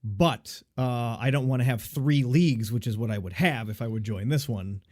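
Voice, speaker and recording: A man's voice: medium pitch, normal speed, a little mellow, no echo. Teasing male podcast co-host, dry sound. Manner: joking, teasing, laughs often. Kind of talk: casual podcast banter.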